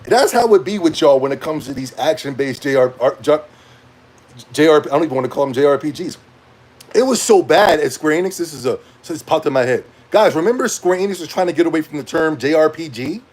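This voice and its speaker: A young man rants casually to camera in a fairly high voice, wandering from point to point. He talks in loose slang and breaks into laughter often. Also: animated, quick pace, darkish tone. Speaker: gaming commentator.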